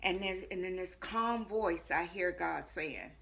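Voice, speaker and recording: A woman, a life coach, telling her personal testimony in earnest, repeating phrases for weight and moving between hushed and loud moments. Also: fairly low pitch, measured pace, creaky. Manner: earnest storytelling with frequent repetition; shifts between hushed and loud as she tells it.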